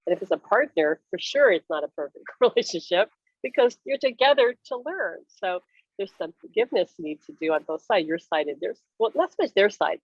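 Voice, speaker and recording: A woman speaking as a spiritual medium in a casual talk, telling stories in a lively way and laughing often. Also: mid-range voice, fairly quick, husky, no echo, lo-fi sound. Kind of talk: casual talk show chat.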